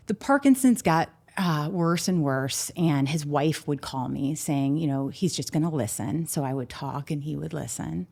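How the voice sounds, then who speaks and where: Guest slot: middle-aged woman exec, low voice, heartfelt storyteller, casual interview talk. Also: a little slow, vocal fry, few pauses. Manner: heartfelt storytelling, animated pitch swings. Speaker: guest, restaurant marketing executive.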